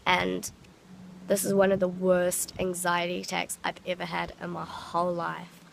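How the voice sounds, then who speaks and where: Very gravelly woman telling a story. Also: lowish voice, completely flat delivery, moderate pace, a little hiss or hum. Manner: rambling, many fillers, acts out quotes. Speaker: vlogger. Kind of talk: storytime vlog.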